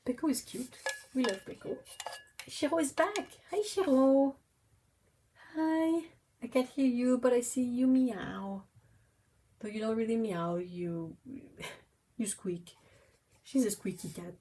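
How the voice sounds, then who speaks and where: A woman hosting a relaxed livestream from home, talking at an unhurried, drawn-out pace. She chats with frequent laughs and exclamations, and coos gently at her cats. A faint hum of noise sits under her voice. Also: on the high side, rough recording. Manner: chatty and exclamatory, laughs often. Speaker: livestream host. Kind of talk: casual livestream chat.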